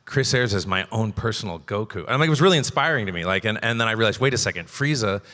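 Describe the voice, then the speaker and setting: A man's voice: on the low side, expressive, fast, pushed and bright, big-room sound. A man who voice-acts, rambling animatedly through stories on a convention panel stage. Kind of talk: casual panel talk.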